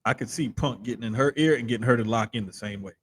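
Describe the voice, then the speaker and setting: A podcast co-host in casual sports chat, talking in an animated, slangy way. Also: male voice, mid-range voice, fast, slight background noise. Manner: animated, slangy, talks of having to control his accent on radio.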